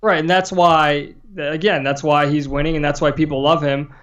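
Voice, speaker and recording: A man's voice: fairly high pitch, level tone, moderate pace, fairly bright tone, dull audio. A man co-hosting a podcast, chatting casually about the news and repeating himself for emphasis. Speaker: guest co-host.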